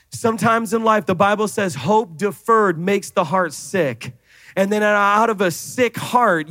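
A male pastor preaching a sermon, playful and laughing at his own jokes, swinging from hushed asides to shouting. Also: high-pitched, no echo.

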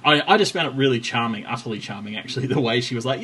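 A man's voice: medium pitch, fast, breathy edge, rough recording. A man co-hosting a podcast, chatting casually, laughing often and acting out quotes as he tells stories. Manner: laughing, animated storyteller who acts out quotes. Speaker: podcast co-host. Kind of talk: casual chat.

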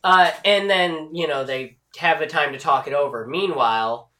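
A man co-hosting a casual film chat, enthusiastic and quick to chime in. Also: on the high side, bright, forceful tone. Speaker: podcast co-host. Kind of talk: casual movie recap chat.

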